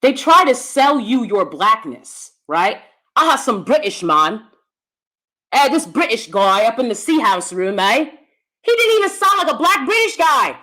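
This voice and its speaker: American woman commentator, high voice with a wide range, blunt and profane. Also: big pitch swings, unhurried, sharp tone. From United States. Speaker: YouTube commentator. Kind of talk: ranting commentary.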